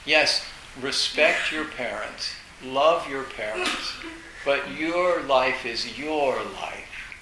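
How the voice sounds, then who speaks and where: A man giving a Zen dharma talk, telling personal stories in a halting way, restarting words and laughing now and then. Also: medium pitch. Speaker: Zen teacher. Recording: echoey room with faint hiss.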